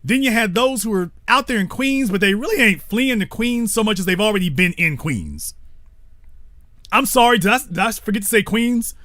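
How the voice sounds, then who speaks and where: A man's voice: sits high, animated, moderate pace, bright, forceful tone, no room sound, studio quality. A man hosting a call-in talk show, speaking bluntly with profanity and stopping to correct himself.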